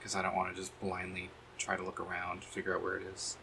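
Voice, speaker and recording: Bright-voiced man swearing through gameplay. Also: sits low, monotone, quick pace, vocal fry, a little hiss or hum. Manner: chatty, swears freely, thinks aloud. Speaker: streamer playing a video game. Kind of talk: casual gameplay commentary.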